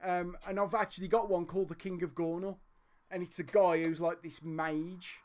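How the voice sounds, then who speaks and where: A man's voice: sits high, fairly even intonation, moderate pace, a little mellow. A man with a Black Country accent hosting a storytelling podcast, chatty and sweary, laughing often. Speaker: host and storyteller. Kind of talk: casual podcast chat.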